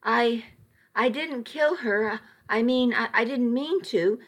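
A woman's voice: on the high side, slow pace. A woman voicing a stammering, panicked man. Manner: stammering, frantic. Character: panicked young man in shock.

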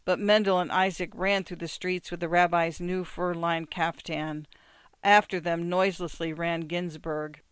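A reader narrating a short story as an audiobook, measured and steady. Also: mid-range voice, clear, resonant tone, no room sound.

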